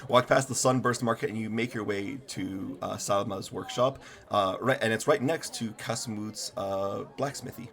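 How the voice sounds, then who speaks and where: A man's voice: lowish voice, normal speed, creaky, few pauses, fairly bright tone. A man narrating a tabletop game as game master in a meandering way, with many fillers.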